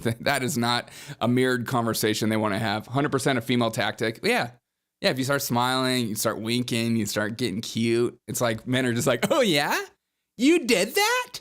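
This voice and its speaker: A male podcast host riffing in casual commentary. He is chatty and mocking, and keeps laughing between his points. His voice sits at a middle pitch for a man. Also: fairly bright tone.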